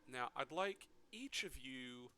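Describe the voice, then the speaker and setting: A man runs a tabletop game, narrating the scene at a slow, deliberate pace. His pitch swings widely as he describes things, and his voice is very bright and forceful. He keeps the talk unhurried and animated. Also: smooth. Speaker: game master.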